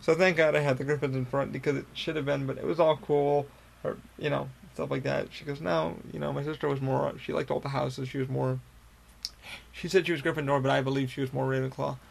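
Gravelly, flat-voiced man telling a rambling story. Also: medium pitch, brisk. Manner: rambling, profane, full of fillers and restarts. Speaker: podcast host. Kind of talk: casual storytelling monologue.

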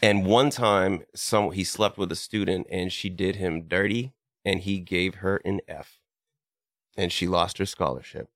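Low-voiced guy guesting on a podcast, rambly and jokey, dry sound. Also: steady tone, a little slow, a bit bright, no echo. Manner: joking, rambling guesses with fillers. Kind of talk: casual chat.

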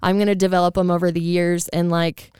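A woman in relaxed conversation who tells lively stories and acts out what people said. Her voice is very smooth and resonant. The sound is dry and close. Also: lowish voice, a little fast, dry recording. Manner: animated storyteller, acts out quotes, swears freely. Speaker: podcast co-host. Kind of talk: casual chat.

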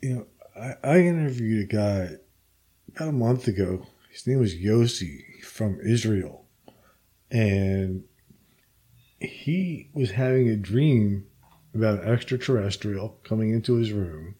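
A man hosting an interview podcast, speaking in a relaxed, reflective way and answering his guest with short murmurs. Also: lowish voice, unhurried, husky. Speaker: podcast host. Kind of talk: casual interview chat.

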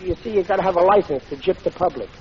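An actor playing a bumbling, excitable working-class father in a 1940s radio comedy, slangy and blustering. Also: sits high, racing, crowd noise, close to an everyday voice. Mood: grumbling. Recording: muffled old radio broadcast with hiss.

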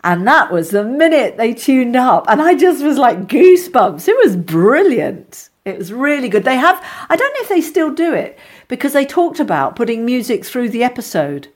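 A middle-aged woman, an actress being interviewed, telling lively anecdotes with many restarts and asides. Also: on the high side, moderate pace, hardly any pauses. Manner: chatty, animated storyteller with many restarts.

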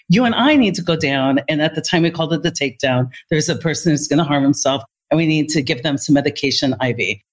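A woman with a slightly low voice speaks as an interview guest. She tells her stories with energy and acts out quoted dialogue, and her pitch jumps up when she plays other people. She sounds confident and talkative. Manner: animated storyteller who acts out quoted dialogue. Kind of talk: storytelling in conversation.

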